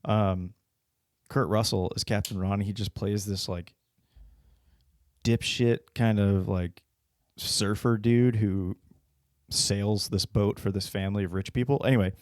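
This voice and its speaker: A man's voice: fairly low pitch, fairly even intonation, unhurried, no echo, studio quality. A man co-hosting a podcast in casual chat, joking and swearing freely. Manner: joking, swears, laughs at own bits. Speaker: podcast co-host.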